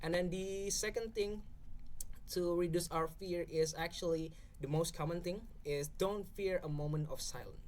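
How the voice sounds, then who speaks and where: A man's voice: high voice, moderate pace, a little mellow, slight background noise. Indonesian-accented young man explaining. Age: young adult. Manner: explanatory, keeps checking in with "okay?". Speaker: podcast guest speaker. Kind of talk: casual explanatory podcast talk.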